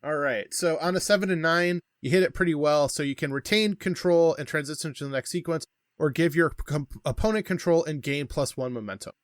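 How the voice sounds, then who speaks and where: A man's voice: on the high side, brisk, no room sound. Een man als spelleider van een rollenspel. Zijn stem is iets hoger dan gemiddeld en klinkt droog en dichtbij, zonder galm. Hij vertelt ontspannen en legt de regels uit, met veel 'uhm'. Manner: relaxed, explanatory, with many fillers. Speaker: game master. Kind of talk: narrating a tabletop wrestling game.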